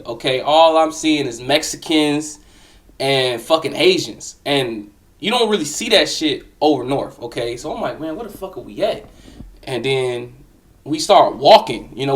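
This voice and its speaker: A man's voice: fairly high pitch, recorded from a distance. A young man casually telling a personal story, slangy and profane, talking straight to the listener.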